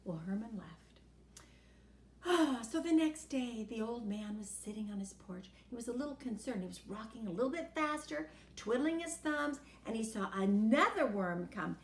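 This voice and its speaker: Lively woman telling a children's story. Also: a little high, moderate pace. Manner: animated and expressive. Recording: echoey room.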